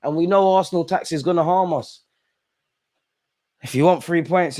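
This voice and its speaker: A man's voice: fairly high pitch, normal speed, mellow. Exasperated man reacting to a live match. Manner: reactive, exasperated, talks at players and ref. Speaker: football watch-along host. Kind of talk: live match watch-along commentary.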